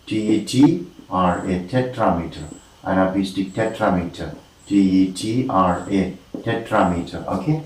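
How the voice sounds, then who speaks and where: A man gives a recorded lecture at an unhurried, careful pace, spelling terms out letter by letter and chanting stress patterns with lifting emphasis. His voice sits somewhat low. The sound is roomy and echoey, picked up from a little way off the mic. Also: darkish tone, recorded from a distance. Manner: slow, deliberate, spells out words letter by letter. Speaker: teacher.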